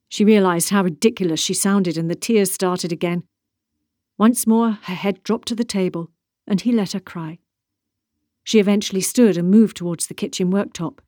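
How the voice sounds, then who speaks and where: A woman narrating a novel in a measured, steady way. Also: medium pitch, no echo, studio quality. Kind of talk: audiobook narration.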